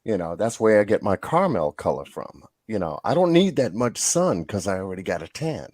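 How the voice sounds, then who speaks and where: A man's voice: fairly low pitch, big pitch swings, brisk, a little mellow, no room sound, clean studio sound. A man hosting a casual live-stream chat, rambling through stories with lots of fillers and laughs. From New York. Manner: rambling storyteller, laughs often, many fillers. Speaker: host.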